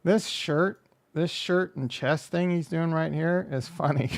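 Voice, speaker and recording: Hosting a laid-back crypto livestream in a slightly high voice, a man talks a little slowly. His rambling, jokey, self-deprecating commentary reacts to chat, which he reads aloud, as he goes over coin prices.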